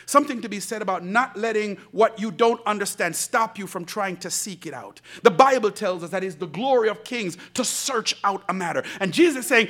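Animated preaching man, high lively voice. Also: fairly quick, few pauses. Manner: animated preaching, rising to shouts, laughing asides; swings between soft low asides and loud emphatic lines. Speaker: pastor. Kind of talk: sermon.

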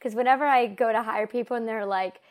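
A woman's voice: fairly high pitch, quick pace. Bubbly woman hosting a podcast. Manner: enthusiastic, giggly, many fillers. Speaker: podcast host. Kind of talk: casual interview hosting.

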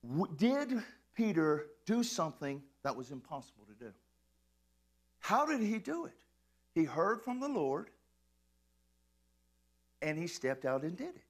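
High, lively-voiced male preacher. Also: unhurried, long pauses. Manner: animated, playful preaching that breaks into shouts and laughter. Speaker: pastor. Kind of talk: sermon.

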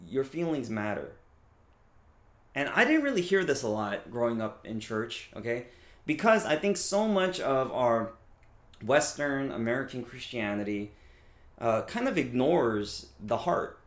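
A man in his thirties delivers a sermon in an easy, conversational manner, checking in with his listeners as he goes. His voice sits at an average pitch. The room around him sounds noticeably echoey. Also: sing-song, a little slow. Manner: conversational, frequent "right?" and fillers. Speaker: pastor.

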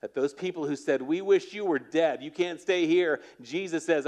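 A man preaching a sermon in a casual, storytelling way, acting out the quotes and dropping to a hushed voice for emphasis. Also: a little high, normal speed, few pauses. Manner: conversational, animated storytelling with acted quotes. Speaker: pastor.

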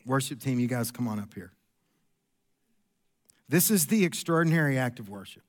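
A middle-aged man preaching a sermon in a church, an animated storyteller who jumps his pitch up for quoted lines. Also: normal speed. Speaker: pastor. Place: church sanctuary.

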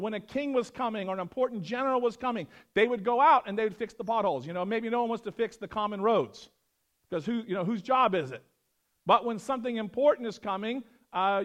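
Middle-aged male pastor, high voice, teaching a verse-by-verse sermon; animated, with loud stresses and hushed asides. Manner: animated, swings from loud emphasis to quiet asides.

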